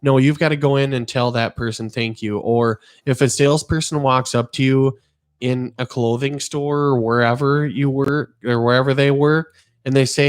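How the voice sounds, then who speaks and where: A man's voice: mid-range voice, fairly even intonation, moderate pace, smooth. A middle-aged man hosting a podcast, talking in an earnest, rambling way and telling stories with animation. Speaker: podcast host. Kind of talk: casual podcast chat.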